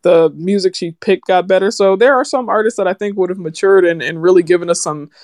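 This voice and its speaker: A man co-hosting a podcast in casual chat, animated and swearing freely, acting out quotes. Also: high voice, fast, dry recording, studio quality. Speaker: podcast co-host.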